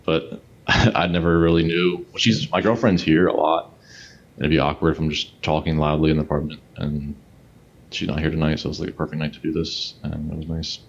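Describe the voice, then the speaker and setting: A man calling in to a stream, talking in a hesitant, halting way in casual chat. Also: very deep voice, little pitch movement. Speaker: caller. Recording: dull, muffled call audio.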